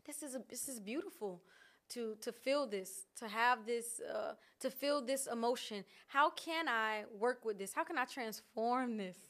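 A woman vlogger talking candidly and casually about her feelings, animated and laughing often. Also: on the high side, measured pace. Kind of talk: casual reflective chat. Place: outdoors in nature.

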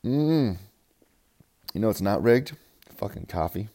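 A young man giving a profane, rambling fantasy football recap, swinging from loud hype to low mumbles. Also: animated, normal speed, long pauses. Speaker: fantasy football league player.

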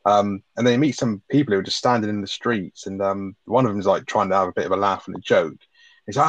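A man co-hosting a podcast, reading a plot summary and chatting about a film in a relaxed way. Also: low-pitched, a little fast, no room sound. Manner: relaxed, laughs, tag questions. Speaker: podcast co-host. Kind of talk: reading a plot summary, then casual chat. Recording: dry, slightly dull mic sound.

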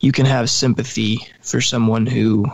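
A man's voice: mid-range voice, little pitch movement, moderate pace, gravelly. A man co-hosting a podcast, talking casually and hesitantly with many fillers. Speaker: podcast co-host. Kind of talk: casual chat.

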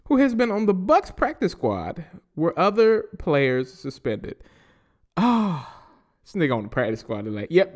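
A man with a Southern US accent hosting a podcast, reading news stories aloud and riffing on them with loose, profane commentary. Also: sits high. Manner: reads news aloud and riffs with laughs and profanity. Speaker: podcast host.

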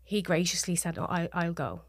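A woman with a Dublin Irish accent, a podcast guest telling a personal story in halting, restarting sentences and voicing what others said. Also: fairly low pitch, expressive, no echo, clean studio sound. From Ireland. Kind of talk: personal story told in conversation.

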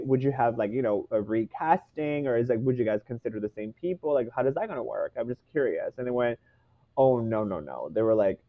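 A man's voice: on the low side, no room sound, narrow, tinny audio. A young man from Canada, a stage actor, chatting casually and telling a story animatedly while acting out the dialogue. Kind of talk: casual chat.

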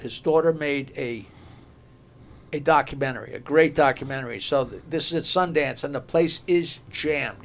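An older man, a stand-up comedian, telling jokes and stories in a studio, animated and laughing at his own punchlines. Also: fairly high pitch. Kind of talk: joke telling and storytelling.

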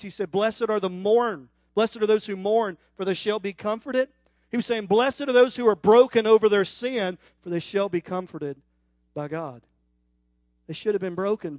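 High-voiced preaching man. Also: no room sound, clean studio sound. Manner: preaching with rhetorical questions and emphatic rises; teasing the congregation. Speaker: pastor. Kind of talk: sermon.

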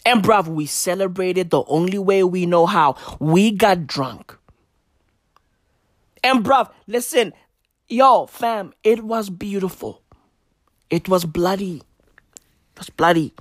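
A man from South Africa doing a satirical comedy monologue in heavy slang, ironic, building to loud outbursts. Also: sits high, slow pace, long pauses, dry recording, studio quality.

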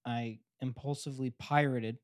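A man's voice: mid-range voice, steady tone, normal speed, dry recording, studio quality. A young man co-hosting a casual podcast chat, playful and laughing often. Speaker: podcast co-host.

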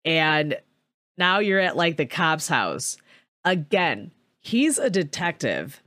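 A woman's voice: deep voice, slow, no echo, studio quality. Casual profane woman recapping a film. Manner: profane, filler-heavy storytelling with animated quoted voices. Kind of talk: casual movie recap chat.

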